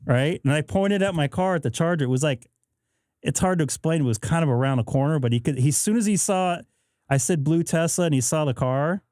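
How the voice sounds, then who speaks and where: In his home radio shack, a man whose voice is on the high side and a little mellow hosts a live stream, talking a little fast. He chats casually, playing both parts of a story, with clean studio sound and no room sound.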